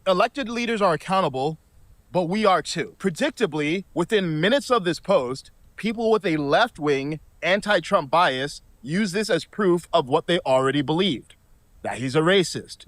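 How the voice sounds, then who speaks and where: Male commentator, scripted; a touch high-pitched, dry room, measured and reasoned. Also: a bit bright, no room sound.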